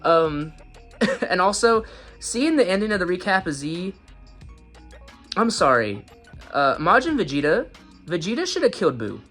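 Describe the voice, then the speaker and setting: A man giving a casual, rambling anime episode review in slangy talk, often breaking into high-pitched laughs. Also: very animated, unhurried, long pauses, fairly bright tone, soft background music.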